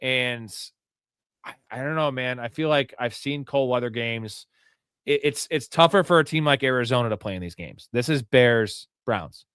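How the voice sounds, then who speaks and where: A man's voice: medium pitch, normal speed, fairly bright tone, smooth, no echo, clean studio sound. A tipsy man hosting a live fantasy football show, rambling, joking and swearing as he talks through the chat. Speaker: host.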